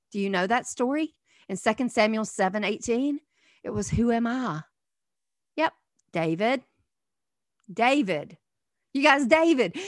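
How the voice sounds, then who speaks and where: Earnest woman preaching, higher voice. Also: no room sound, clean studio sound. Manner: earnest, rhetorical questions, swings from soft to emphatic. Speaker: minister. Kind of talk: teaching sermon on a call.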